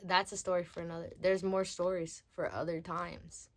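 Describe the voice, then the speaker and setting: Speaking in a lowish, level voice, a teenage girl tells a story on her vlog in a relaxed, slangy, drawn-out manner.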